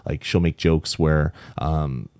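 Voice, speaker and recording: Young male podcast co-host, deep voice, rambling and weary, dry close sound. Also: fairly even intonation, slow, a little mellow, no echo. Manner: rambling, many ums and restarts. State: tired, punch-drunk late at night. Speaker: podcast co-host reviewing a game. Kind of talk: casual podcast chat.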